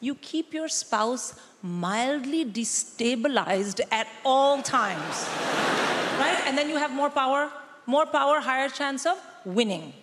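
Middle-aged woman, stand-up comedian, fairly high voice, punchy mock-lecturing delivery, live theatre hall with long reverb. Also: animated, slow pace, fairly bright tone, slight background noise. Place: large theatre stage.

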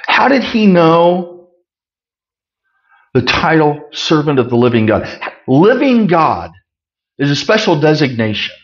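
A man delivers a sermon in a chatty, emphatic way, reading the text and then breaking it down plainly. His voice sits fairly high for a man. The recording is dull and muffled, with little crispness at the top. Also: big pitch swings, unhurried, pauses often. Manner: conversational, reads scripture then explains it plainly. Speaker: Bible teacher. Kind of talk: sermon, Bible teaching.

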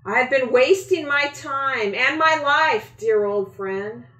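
A woman voicing Santa's younger sister, a gruff figure who turns remorseful, in a storybook reading. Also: sits high, animated, slow pace, sharp tone, distant mic, pitched above the performer's own voice, exaggerated voice. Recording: echoey room.

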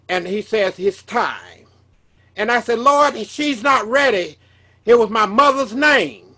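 A preacher with a very high, bright, forceful voice tells a personal testimony as a sermon. He's earnest, often repeating and restarting his words as he tells the story.

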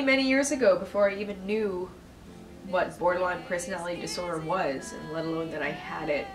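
A woman's voice: fairly low pitch, roomy sound, far from the mic, poor audio. Candid, swearing young woman vlogger. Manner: candid and emotional, swears freely. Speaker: vlogger answering viewer questions. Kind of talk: casual Q&A chat.

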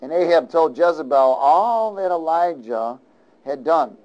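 A male pastor preaching a sermon in a lively, conversational way, often asking the audience questions. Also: on the high side, a little slow, muffled recording.

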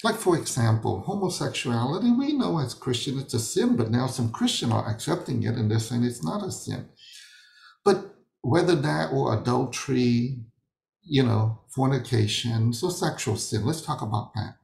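Over a video call, a ministry leader teaches a sermon session in a mid-range, animated, slightly mellow voice with vocal fry, at a moderate pace in a reverberant space. He is emphatic and loves asking rhetorical questions, then answering them himself.

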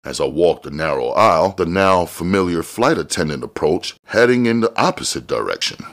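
Deep-voiced man reading a novel aloud. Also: normal speed. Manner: expressive storytelling with casual swearing. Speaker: audiobook reader. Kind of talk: first-person novel reading.

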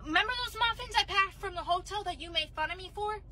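A woman's voice: very high voice, fast, bright, forceful tone, pitched above the performer's own voice. A woman playing a thrifty, firm middle-aged mother who scolds and says no.

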